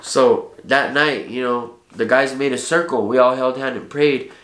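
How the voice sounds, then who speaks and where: Guy telling a heavy story time, heartfelt, lots of slang and swearing, mid pitch, echoey room. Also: steady tone, unhurried, a bit bright. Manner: heartfelt, profane street slang. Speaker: vlogger. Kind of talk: casual storytelling.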